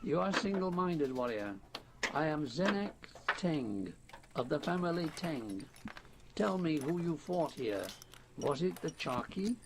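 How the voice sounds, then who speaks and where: A man's voice: on the high side, sing-song, measured pace, noisy background. A man voicing an airy, courteous stranger who arrives in a strange sphere, in an audiobook reading. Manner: airy, courteous, peculiar accent. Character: suave tall stranger man from a rolling sphere.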